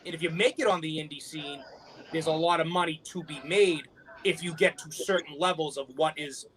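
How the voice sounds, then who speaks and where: A man's voice: a little high, fairly quick, fairly bright tone. A man on a wrestling podcast who tells rambling, profane stories about the business. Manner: profane, rambling, stammers restarts. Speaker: wrestling podcast panelist, former manager. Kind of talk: casual chat, storytelling.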